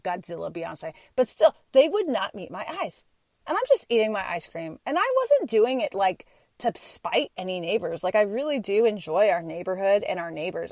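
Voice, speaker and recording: Dry, animated woman telling a story. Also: medium pitch, no echo. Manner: animated, exasperated, playful. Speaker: podcast host. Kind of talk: casual storytelling monologue.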